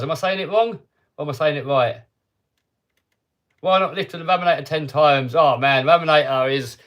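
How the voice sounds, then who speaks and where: Chatty man, raised pitch. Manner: chatty and upbeat, with frequent self-interruptions. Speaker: host of a hobby channel livestream. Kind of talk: casual live-stream chat, answering viewer comments.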